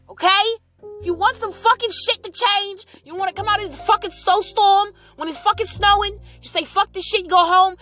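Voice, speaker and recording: A woman's voice: very high voice, sharp tone. A woman ranting into a voice memo, swearing heavily and talking to herself about work and money. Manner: heavy swearing, agitated ranting. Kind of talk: profane rambling voice memo.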